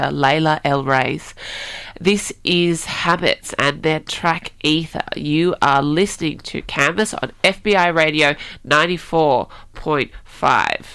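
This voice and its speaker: A woman hosts a live radio arts show with a blocked, nasal voice. Her tone is bright and crisp. The studio sound is close and dry, and she chats playfully at her own expense. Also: deep voice, no echo. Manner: chatty, self-deprecating, playful. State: stuffy, blocked nose. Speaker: radio host. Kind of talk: live community radio chat. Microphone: studio microphone.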